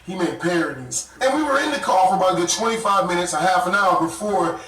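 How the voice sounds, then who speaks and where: A man tells a story in an animated, profane rush, with a high voice. He sits back from the mic, so the sound carries the echo of the room. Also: fast talker. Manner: animated, profane, laughs while telling. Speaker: YouTuber telling a story. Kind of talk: casual storytelling. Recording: echoey room, mic far off.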